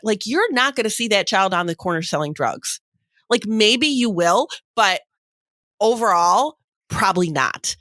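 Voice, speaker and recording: In a studio-quality recording with no room sound, a woman co-hosting a podcast tells stories in casual chat. Her mid-range voice moves at a moderate pace, and her animated delivery is packed with fillers.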